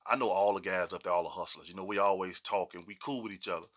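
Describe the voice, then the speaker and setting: A middle-aged man holds forth on a casual podcast, voice pitched low but pushed hard and bright. His delivery is slangy and emphatic, and he drives each point home by saying it twice. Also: fairly even intonation, fast talker. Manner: emphatic, slangy, repeats himself for weight. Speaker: podcast co-host.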